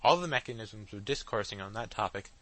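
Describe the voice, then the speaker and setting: A man narrating a classic novel as an audiobook in a steady literary reading. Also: fairly low pitch, fairly quick, poor audio. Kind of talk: scripted narration.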